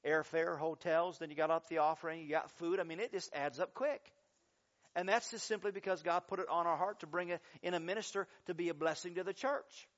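A man preaching a sermon as pastor, telling stories with lively, dramatic changes of voice when he acts out quotes. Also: brisk, dull audio. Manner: animated storytelling, acting out quotes with big pitch jumps.

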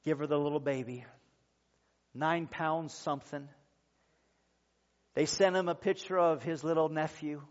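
Earnest male pastor, slightly high voice. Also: fairly even intonation. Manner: earnest, measured storytelling with drawn-out pauses. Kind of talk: sermon. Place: church service. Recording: dull lo-fi sermon recording.

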